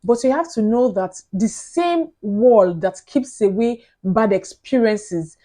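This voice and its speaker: A woman talks straight to her camera in a casual motivational vlog. Her voice is mellow and warm. She sounds earnest and animated, and she laughs lightly between her points. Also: fairly high pitch, takes it slowly. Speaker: motivational vlogger.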